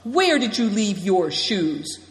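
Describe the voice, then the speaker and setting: A storyteller voicing a stern, solemn herdsman father who speaks slowly, in an echoey room. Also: medium pitch, very animated. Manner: slow, solemn speech. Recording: echoey room with long reverb.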